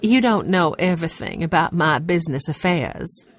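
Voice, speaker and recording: A woman's voice: deep voice, lively intonation. Woman voicing a proud elderly great-aunt. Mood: firm. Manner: measured, dignified.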